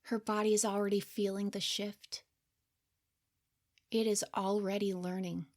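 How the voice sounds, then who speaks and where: A woman voicing her older, wiser self in a soft, gentle whispered role-play. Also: mid-range voice, little pitch movement, measured pace, natural voice. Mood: tender.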